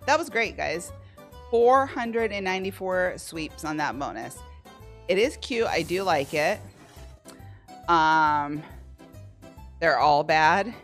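A woman's voice: fairly low pitch, lively intonation, a little slow. A woman hosting a casual live slot stream from home, playfully chatting and greeting viewers by name. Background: faint slot game music.

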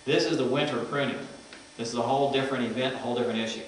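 A man's voice: medium pitch, steady tone, rapid-fire. Man lecturing in an echoey classroom. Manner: explanatory, parses Greek forms aloud, conversational asides. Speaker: seminary Greek professor. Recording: echoey classroom from far off, faint hum.

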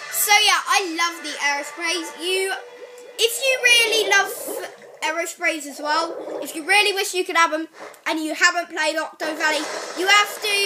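Excitable high-voiced woman gaming. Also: noisy background. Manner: excitable, reacts loudly to the game. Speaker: gaming channel host. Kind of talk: live gameplay commentary. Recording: loud game music behind voice. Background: loud video game music.

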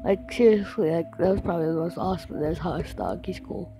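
A woman's voice: fairly low pitch, a little fast, over music. A sick woman with a cough, hosting a casual reaction video and exclaiming often.

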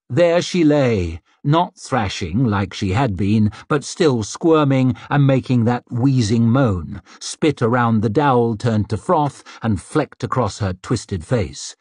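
A man narrating an audiobook in a measured storytelling manner, voice slightly husky. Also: mid-range voice, lively intonation, a little mellow, dry recording, studio quality. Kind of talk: scripted narration.

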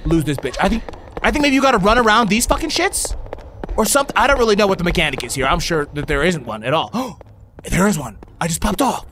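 A young man's high, animated voice swinging from muttered asides to panicked shouting as he plays a horror game. His tone is bright and sharp, full of swearing, with a faint hiss in the background. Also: fast talker. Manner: profane, yelling and panicking, reading on-screen text aloud. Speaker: gaming YouTuber. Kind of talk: horror game let's play commentary.

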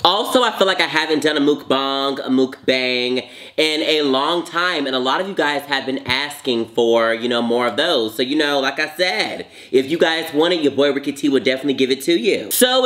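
A young man hosting a casual mukbang vlog, sassy and animated, jumping high in pitch and then drawling low and slow. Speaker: vlogger.

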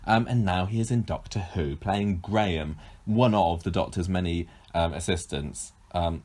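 A man's voice: sits low, normal speed, a little mellow. A man co-hosting a podcast in casual chat, talkative and self-deprecating, often laughing. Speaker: podcast co-host.

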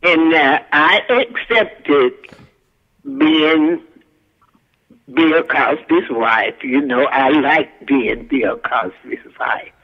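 In a casual storytelling interview, an older woman who is a guest actress and singer shares career stories in a folksy, country-spoken way. Her voice is low with drawn-out words, and the highs are cut off.

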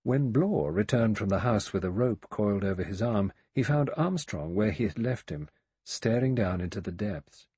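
A man narrates a mystery audiobook in a measured, even read. His voice sits low and husky. The recording is dry and close. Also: dry recording. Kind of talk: scripted narration.

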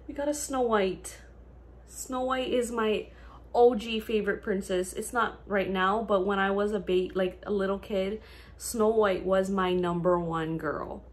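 A young adult woman vlogging casually as she unboxes gifts, gushing and emotional, often breathless with excitement. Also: mid-range voice, a little slow.

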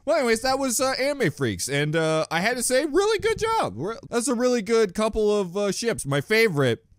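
A man's voice: sits high, sing-song, fairly quick, no echo, studio quality. A man hosting a reaction video in casual commentary, joking crudely and often laughing at his own jokes. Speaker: reaction channel host.

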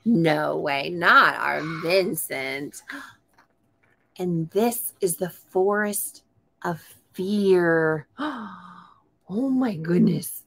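A woman's voice: on the low side, extremely slow, vocal fry, fairly bright tone. A woman reading a picture book aloud to a young child, coaxing him with questions and breaking into gasps and exclamations. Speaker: storytime host.

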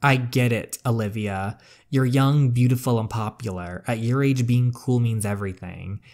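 A man reading as a soft, doting mom. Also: medium pitch, normal speed, natural voice. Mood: coaxing. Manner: soft, fond. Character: gentle, caring middle-aged mother. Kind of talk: reading a story game aloud.

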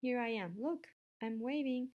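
A woman voicing a gentle, wise female spider in a storybook reading. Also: fairly high pitch, moderate pace, muffled recording, close to an everyday voice. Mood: kindly. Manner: calm, gently explaining.

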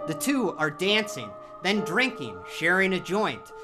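A narrator telling a horror audio drama in a vivid, scripted storytelling style, voice pitched in the middle but very animated. Music plays clearly behind the narration. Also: measured pace. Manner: vivid, storytelling delivery with sound-effect shouts.

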